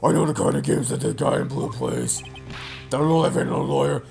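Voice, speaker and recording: A man voicing a brash, loud male loan-shark thug with a Brooklyn accent. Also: medium pitch, huge pitch swings, fairly quick, soft background music, full character voice. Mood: gruff. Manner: brash, shouting, gruff.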